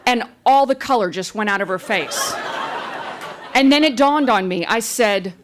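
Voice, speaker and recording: Animated woman telling a comic story. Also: fairly high pitch, moderate pace. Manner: animated, wry.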